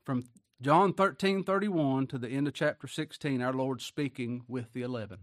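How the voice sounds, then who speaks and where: A man's voice: mid-range voice, moderate pace, no room sound, studio quality. A man preaching a sermon in a folksy, colloquial way, often tagging rhetorical questions onto his points.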